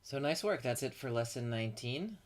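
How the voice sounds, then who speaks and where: A man teaching a recorded lesson, explaining patiently with frequent pauses and fillers. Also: mid-range voice, expressive, slight background noise. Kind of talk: recorded lecture.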